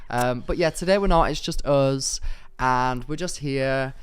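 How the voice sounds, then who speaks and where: A young man from Manchester, co-hosting a casual podcast chat in an excitable, teasing way. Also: mid-range voice, clear, resonant tone. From Manchester, England. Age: young adult. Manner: excitable, teasing, quick to react. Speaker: podcast co-host.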